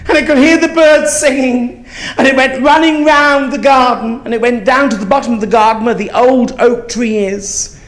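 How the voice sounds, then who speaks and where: A man's voice: very high-pitched, steady tone, normal speed, fairly bright tone. A man playing a brash, gossipy old East End woman, telling rambling, bawdy stories on a theatre stage. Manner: bawdy, rambling storytelling with swearing. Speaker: comedian in drag character. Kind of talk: live stand-up character comedy.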